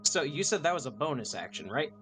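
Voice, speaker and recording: A man's voice: mid-range voice, very animated, brisk, a bit bright, faint music behind. A young man playing in a tabletop game, thinking aloud with many ums and restarts as he weighs his moves. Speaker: player. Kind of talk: casual chat at a tabletop game.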